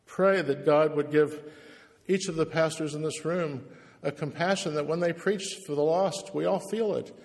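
A man's voice: a little high, moderate pace, big-room sound. A man preaching a passionate, emphatic sermon to a room of pastors, hammering points home by repeating words. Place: church, speaking to pastors in the room.

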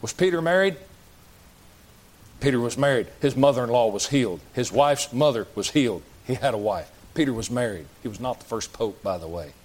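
A man's voice: medium pitch, lively intonation, a little fast, darkish tone. A man preaching a sermon in a church, folksy and plain-spoken, asking the congregation question after question. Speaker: pastor.

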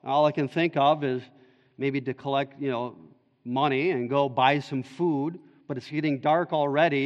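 A man's voice: a little high, steady tone, normal speed. Man, pastor, earnest sermon, long reverb, muffled sound. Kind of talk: expository sermon. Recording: dull echoey church hall recording.

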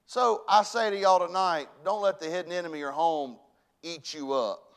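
Male pastor, slightly high voice, folksy sermon with sudden loud bursts. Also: moderate pace, clean tone. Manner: folksy preacher, swings from hushed to loud bursts. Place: church sanctuary.

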